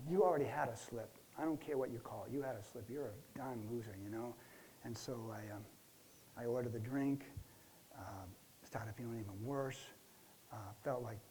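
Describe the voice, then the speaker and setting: A stressed client stumbles through his story, full of restarts and trailing fillers, as a man plays him in a counseling role-play. His voice is warm and dark, and a faint hiss sits under it. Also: mid-range voice, natural voice, low-quality recording. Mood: ashamed. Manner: halting, many restarts and fillers. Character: stressed middle-aged man recounting a relapse.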